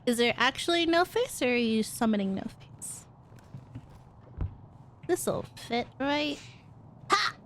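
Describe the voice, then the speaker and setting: A woman's voice: on the high side, lively intonation, takes it slowly, pauses often, a little hiss or hum. A woman streaming a video game, chatting playfully, exclaiming and laughing as she plays. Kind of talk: casual gameplay chatter.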